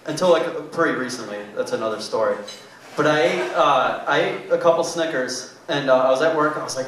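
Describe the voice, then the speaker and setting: A young man with a fairly high, somewhat bright voice talks a little fast during a stand-up comedy set in a small club. His delivery is loose and rambling, full of fillers. The echoey room, distant mic, and faint noise color the recording.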